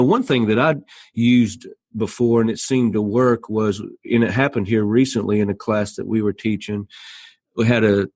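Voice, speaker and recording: A man hosting a podcast, asking questions in a relaxed way and often checking that he is understood. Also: on the low side, no room sound, clean studio sound. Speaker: podcast host. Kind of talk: interview questions and casual chat.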